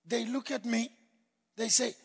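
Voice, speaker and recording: A man giving a preaching testimony in a church hall, telling his story dramatically and swinging from quiet asides to shouted peaks. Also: very high voice, steady tone, a little slow, gravelly, breathy edge. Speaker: guest speaker giving a testimony. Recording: long hall reverb.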